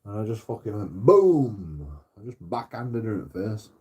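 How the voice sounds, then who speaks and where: English streamer guy rambling, swearing a lot, low dark tone, laughs at himself. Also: big pitch swings, moderate pace. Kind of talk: casual rant to viewers.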